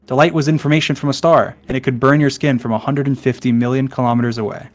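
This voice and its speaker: A man's voice: medium pitch, fairly even intonation, fast talker. A man reading a long poem aloud in a hurry, tripping over words and breaking off with asides. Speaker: online content creator.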